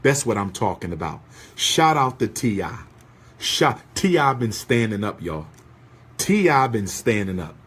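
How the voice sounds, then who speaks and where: A man's voice: lowish voice, big pitch swings, measured pace, fairly bright tone, breathy edge. A man giving an impassioned, preacher-like rant to an audience, full of repeated rhetorical questions. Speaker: speaker addressing an audience. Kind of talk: impassioned ranting speech.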